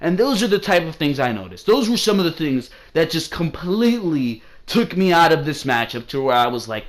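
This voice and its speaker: A fairly high-voiced man rants through a wrestling review from his home. His delivery swoops up and down as he grows exasperated and swears freely, in a casual, unscripted way. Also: big pitch swings, fairly quick, hardly any pauses, poor audio.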